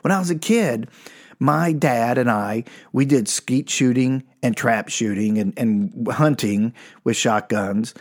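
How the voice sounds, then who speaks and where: A man from Texas tells stand-up stories in an animated way. He keeps a middle pitch and chuckles through his lines. He leaps into high, mocking voices for the punchlines. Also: slow pace. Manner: animated, jumps into high mocking voices, laughs mid-line. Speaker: stand-up comedian. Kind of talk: stand-up storytelling.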